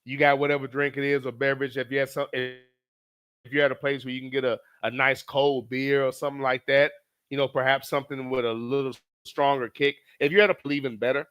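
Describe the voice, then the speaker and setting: A man streaming live, reading chat messages aloud in a casual, animated, profane way. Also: medium pitch, a little fast, smooth.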